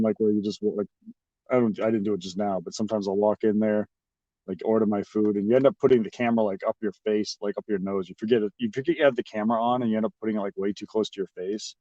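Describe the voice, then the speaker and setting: A man's voice: on the low side, steady tone, fast, mellow, no echo. A man talking casually to his livestream chat, rambling and mocking with lots of swearing. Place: at a restaurant. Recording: dry, slightly dull audio.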